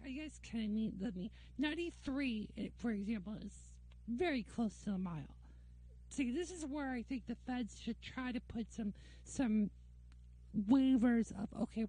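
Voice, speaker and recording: A woman's voice: mid-range voice, warm tone, no echo. A woman ranting to camera in a casual, opinionated, sarcastic monologue, talking from a dim room on a break. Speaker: vlogger. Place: dim indoor room during a work break. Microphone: camera mic.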